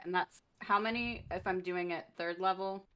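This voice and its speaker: Bright-voiced feisty woman player. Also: fairly low pitch, steady tone, moderate pace, a little hiss or hum. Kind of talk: casual tabletop play.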